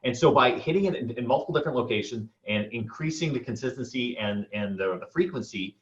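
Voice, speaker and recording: A man's voice: medium pitch, lively intonation, quick pace. Man in an echoey room, muffled. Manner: thoughtful, builds on others' points. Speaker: panelist. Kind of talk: casual panel discussion on a video call.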